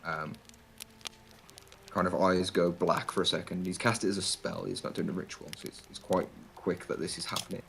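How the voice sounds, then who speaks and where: Male game master, very deep voice, rambling and descriptive narration. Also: level tone, moderate pace, vocal fry, a bit bright, slight background noise, low-quality recording. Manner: loose, descriptive, many fillers.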